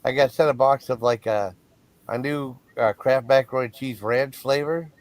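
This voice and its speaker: Man, mid-pitched voice, dry sound, easygoing, rambling with fillers. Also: normal speed, dry recording. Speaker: livestream guest. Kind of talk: casual chat.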